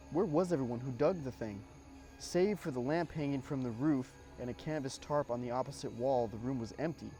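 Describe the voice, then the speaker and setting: Over soft music, a horror story narrator relates a spooky war experience in the first person. His mid-pitched voice is mellow and dark, and he builds suspense at a measured pace while slipping in casual remarks.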